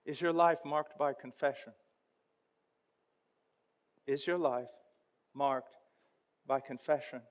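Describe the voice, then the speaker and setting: A man preaching a sermon, telling an illustration with impassioned intensity that swells toward near-shouting. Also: mid-range voice, steady tone, slow pace, long pauses. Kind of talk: sermon with storytelling.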